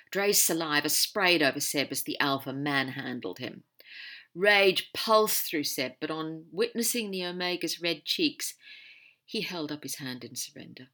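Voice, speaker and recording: A woman narrating an audiobook with a lively, animated reading and a bright, sharp tone. Her delivery moves expressively through the story. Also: low-pitched, measured pace.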